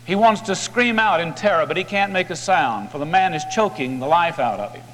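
A man's voice: a little high, lively intonation, brisk, a bit bright, in a large hall. A man preaching, retelling a story in a dramatic, vivid way.

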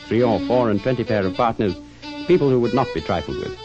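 A man narrating a classic tale in an expressive, dramatic reading style. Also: mid-range voice, fast talker. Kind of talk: scripted storybook narration. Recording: dull lo-fi recording with faint music.

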